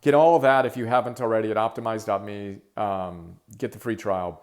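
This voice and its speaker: A middle-aged man hosting his own podcast, talking solo in an energetic, emphatic, rambling way with many fillers. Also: fairly low pitch, normal speed. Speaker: podcast host. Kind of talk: casual solo monologue.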